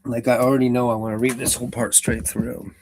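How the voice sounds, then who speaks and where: A man with a rough, roughened voice reading a book aloud and chatting casually on a live stream. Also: mid-range voice, flat delivery, quick pace, background noise. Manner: chatty and self-deprecating, with fillers.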